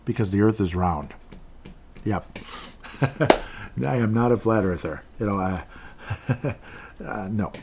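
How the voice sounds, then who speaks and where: A man with a somewhat low voice hosts a casual solo podcast. He rambles from one thought to the next, muttering to himself and chuckling as he reads out listener comments. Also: darkish tone, husky. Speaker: podcast host.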